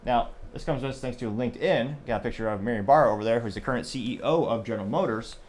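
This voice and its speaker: A man's voice: mid-range voice, fast, a little mellow. A young adult man hosting a show, giving rambling, conversational news commentary and often correcting himself. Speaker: show host.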